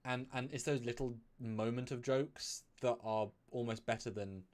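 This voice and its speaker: A man's voice: medium pitch, steady tone, moderate pace, darkish tone. Chatty man co-hosting a live stream. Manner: chatty, loose, many fillers and restarts, pleads for donations. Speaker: co-host of a live review stream. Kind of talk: casual live-stream discussion.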